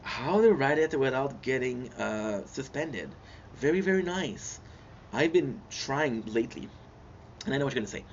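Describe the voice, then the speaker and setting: A man's voice: medium pitch, animated, moderate pace. A male gaming streamer, chatting casually and jokingly with his viewers and calling them bro. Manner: rambling, jokey, calls people bro. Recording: slightly muffled, faint background hiss.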